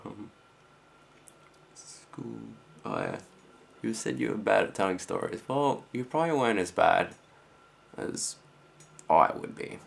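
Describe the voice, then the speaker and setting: A teenage boy with an Australian accent, rambling casually in a vlog reply with lots of fillers and quiet trailing-off phrases. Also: fairly low pitch, expressive, unhurried, gravelly, long pauses. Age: teens. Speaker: student vlogger.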